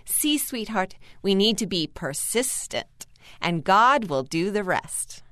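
A woman voicing a cheerful, persistent mother who gently encourages children at church, in a read-aloud story. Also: medium pitch, big pitch swings, slow, dry recording, heavily acted. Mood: gentle.

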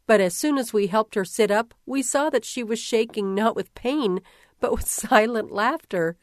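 A woman reading a first-person story aloud in a measured, gentle way. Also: on the high side, dry recording, clean studio sound. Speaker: reader.

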